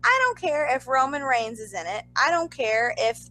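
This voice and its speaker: A young woman co-hosting a podcast, telling a story in casual chat with animated, exasperated asides. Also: high-pitched, moderate pace, slight background noise, poor audio. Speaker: podcast co-host.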